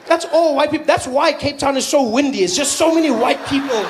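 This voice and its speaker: A South African man performing stand-up, his voice sitting high for a man. He tells animated stories and suddenly leaps into loud, shrill voices for the people he quotes. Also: brisk, noisy background. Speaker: stand-up comedian. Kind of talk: stand-up comedy set.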